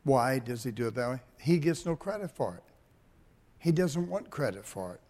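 A middle-aged man, a pastor, preaching a sermon with animated storytelling and calls to the congregation. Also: mid-range voice, normal speed.

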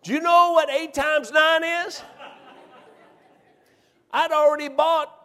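High-voiced preacher in an echoing church. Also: male voice, fairly even intonation, slow pace, pushed and bright, some chatter behind. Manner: folksy, emphatic, repetitive restarts. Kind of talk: storytelling sermon. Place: church sanctuary. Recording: church hall reverb.

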